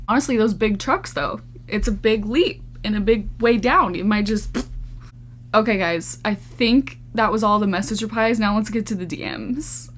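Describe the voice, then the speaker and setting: A woman's voice: medium pitch, normal speed. A young woman vlogger reading out viewer confessions in a casual, giggly chat, often breaking into laughter and mock horror.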